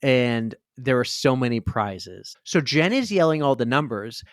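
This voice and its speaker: A man co-hosting a podcast in casual chat, telling a story and acting out the quotes with big jumps in pitch. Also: expressive, measured pace, dry recording, studio quality. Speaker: podcast co-host.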